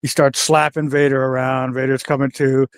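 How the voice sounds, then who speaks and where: An older man telling backstage stories in a casual, animated way, acting out the voices of the people in them. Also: mid-range voice, moderate pace, clear, resonant tone, dry recording, studio quality. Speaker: guest wrestler telling stories. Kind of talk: casual storytelling.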